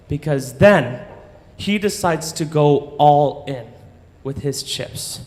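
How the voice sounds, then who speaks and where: A man telling a story live on stage in an animated, profane way, often checking in with "right?". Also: on the high side, slow. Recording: long hall reverb.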